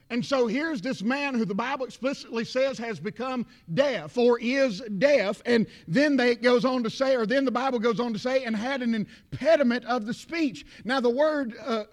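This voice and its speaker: High-voiced Southern preacher man. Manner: emphatic preaching, frequent amens and repeated words. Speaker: pastor. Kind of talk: sermon.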